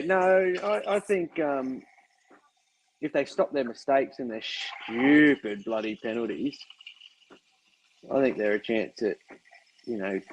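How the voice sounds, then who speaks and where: Laid-back Australian bloke on a phone. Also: male voice, medium pitch, rough recording. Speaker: podcast guest. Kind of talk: casual chat.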